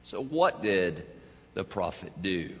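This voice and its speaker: A man's voice: big pitch swings, slow pace, breathy edge. Dramatic preaching man in an echoing hall. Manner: dramatic preaching, swelling to loud cries and dropping low. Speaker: pastor. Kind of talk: sermon. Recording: dull lo-fi sound with long hall reverb.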